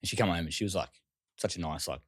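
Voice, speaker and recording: Casual Australian male guest; low voice, dry close sound, loose rapid delivery with swearing. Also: fairly bright tone, slightly rough, no echo. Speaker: interview guest. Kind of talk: casual storytelling interview.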